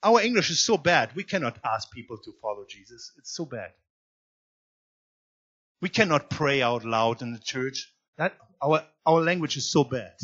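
A man preaching a sermon as guest pastor in a church, swinging between loud emphatic lines and quiet low asides. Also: animated, moderate pace, breathy edge, highs cut off. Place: church sanctuary.

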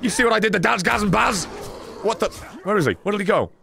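A man, streaming a video game live, excitable and swearing, yelling at the game. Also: sits high, fast talker, gravelly, a little hiss or hum. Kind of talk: live gameplay streaming chat.

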